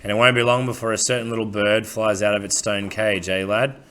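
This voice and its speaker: A man reading as a sly, knowing man who speaks in a hushed, confiding, ingratiating way. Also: on the low side, little pitch movement, brisk, clear, resonant tone, close to an everyday voice.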